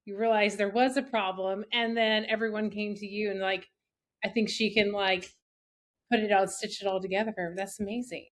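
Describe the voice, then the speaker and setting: A woman's voice: medium pitch, little pitch movement, moderate pace. A woman hosting an interview, summing up her guest's story in an affirming way. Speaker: podcast host. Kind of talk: casual interview.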